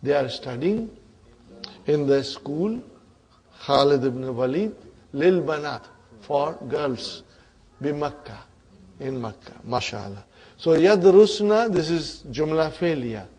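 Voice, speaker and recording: A man teaching an Arabic grammar class, quizzing students with repeated questions and clearing his throat often. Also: a little high, expressive, slow, pauses often, a little mellow, poor audio.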